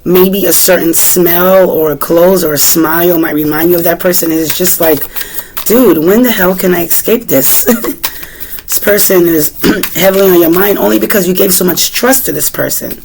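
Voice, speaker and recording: A woman with a Boston accent giving a casual tarot reading, chatting freely and asking the cards questions aloud, often clearing her throat. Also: on the low side, fairly even intonation, moderate pace, darkish tone, a little hiss or hum, low-quality recording. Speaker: tarot reader.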